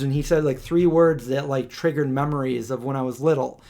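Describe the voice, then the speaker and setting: A man chatting on a live stream, his pitch sitting in an ordinary middle range. He tells stories animatedly, restarting sentences often and leaning on casual fillers. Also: brisk, hardly any pauses. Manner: animated storyteller, acts out quotes with raised pitch.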